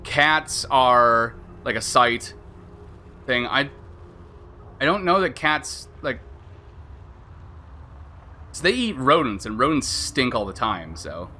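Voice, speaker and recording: A man's voice: medium pitch, big pitch swings, slow, pauses often, pushed and bright, slight background noise. A man streaming a video game live, chatting in a rambling way, laughing at himself and swearing casually.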